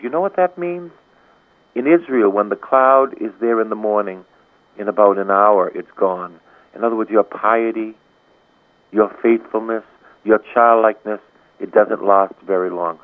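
A man's voice: on the low side, normal speed. Impassioned preacher man on tinny radio. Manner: impassioned, repetitive preaching with surging rises and hushed drops. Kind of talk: charismatic sermon. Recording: tinny phone-like radio broadcast.

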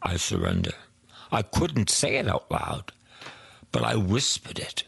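A man preaching a sermon, slow and emphatic, dropping to soft whispers for prayers. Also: fairly low pitch, huge pitch swings, creaky, slightly rough.

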